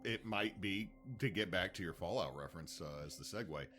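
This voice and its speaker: Lower-voiced man in rambling podcast banter. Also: animated, a little fast, sharp tone, soft background music. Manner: rambling, stumbles and restarts, trivia-loving banter. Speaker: podcast co-host. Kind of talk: casual chat.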